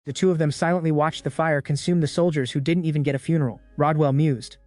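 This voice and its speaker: A man reading a scripted story recap in an even storytelling manner. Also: on the high side, fast, hardly any pauses, no room sound, faint music behind. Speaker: recap narrator. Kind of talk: scripted narration.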